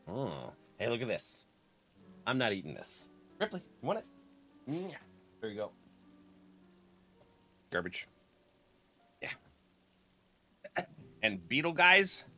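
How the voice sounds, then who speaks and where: A man's voice: mid-range voice, sing-song, slow, long pauses, bright, forceful tone, soft background music. A man casually chatting with his live-stream viewers, laughing often and greeting them by name.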